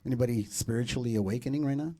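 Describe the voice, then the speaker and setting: A man in his thirties hosting a comedy show, doing loud, profane, teasing crowd work from a club stage. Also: mid-range voice, rapid-fire.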